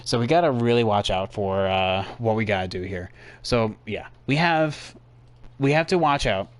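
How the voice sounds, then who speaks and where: A man's voice: on the low side, animated, moderate pace. Sarcastic young man streaming a game. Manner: sarcastic, exasperated, rambling. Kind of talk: casual gameplay commentary.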